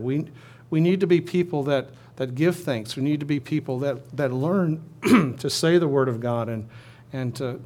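A man's voice: medium pitch, darkish tone. A man preaching a sermon in a conversational manner, often restarting his phrases and leading his listeners in a responsive reading. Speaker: pastor.

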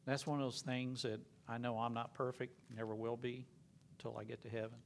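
A man preaching a sermon, telling a story earnestly and sometimes dropping to a hush. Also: medium pitch, little pitch movement, brisk, creaky, slight background noise. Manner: earnest, dropping to a hushed whisper at emotional moments.

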